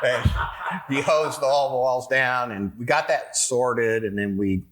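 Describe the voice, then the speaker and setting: A man's voice: medium pitch, measured pace, a bit bright. A man, a winery owner telling a rambling story in a casual interview, full of fillers and restarts.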